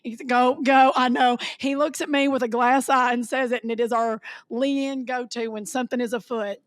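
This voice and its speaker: A woman's voice: fairly high pitch, fairly even intonation, normal speed, no room sound. Chatty woman co-host, dry close sound. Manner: laughs often, chatty and supportive. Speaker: podcast co-host. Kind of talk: casual chat.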